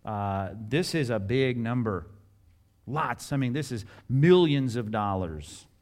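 A middle-aged man preaching a sermon in an animated, conversational way, with jokes and asides and acted-out scripture dialogue. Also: mid-range voice, slow pace. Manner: acts out scripture dialogue in varied voices. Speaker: pastor.

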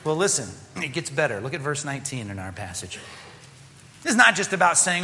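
Animated bright-voiced male preacher in a hall. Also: a little high, a little fast. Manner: animated, sarcastic, acts out quoted voices. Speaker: pastor. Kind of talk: sermon.

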